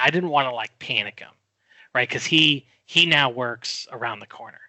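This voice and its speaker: A middle-aged man telling a story in a podcast chat, animated and quick to act out what people said. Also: mid-range voice, dry recording. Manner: animated storyteller, acts out quoted voices. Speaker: guest.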